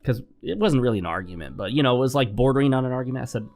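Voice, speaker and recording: A man hosting a gameplay vlog, giving advice in a calm, instructive tone. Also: medium pitch, rapid-fire. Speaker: gaming channel host. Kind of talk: advice talk over gameplay.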